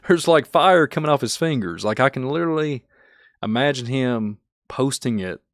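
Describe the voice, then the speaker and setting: A man with a Kentucky accent, hosting his channel and chatting casually, rambling and chuckling often, turning soft and emotional. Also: mid-range voice, animated, moderate pace, dry recording, clean studio sound. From Kentucky, USA. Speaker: channel host. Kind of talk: casual thank-you vlog chat.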